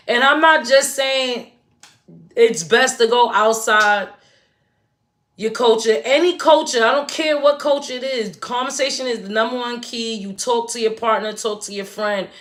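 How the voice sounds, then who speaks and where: A woman's voice: fairly high pitch, moderate pace, a bit bright. A woman in her forties, hosting a casual livestream chat, talking straight to her viewers in a chatty, emphatic way. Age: 40s. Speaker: livestream host.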